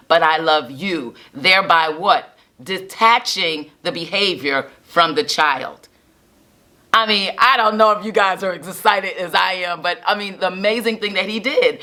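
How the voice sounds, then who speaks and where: Woman host, low-pitched but bright, upbeat and preacherly, coaching parents. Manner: enthusiastic, preacherly, asks rhetorical questions. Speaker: parenting and family specialist, host. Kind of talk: casual video talk to camera.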